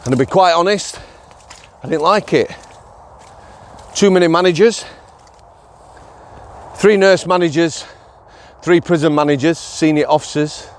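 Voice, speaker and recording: A middle-aged man with a Yorkshire accent chats through his old prison days in a casual vlog, blunt and plain-spoken, tossing in "yeah?" to keep his listeners with him. His voice sits a little high for a man. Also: measured pace, long pauses, slight background noise. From Yorkshire, England. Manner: chatty, blunt, tag questions like "yeah?". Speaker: former prison officer vlogger.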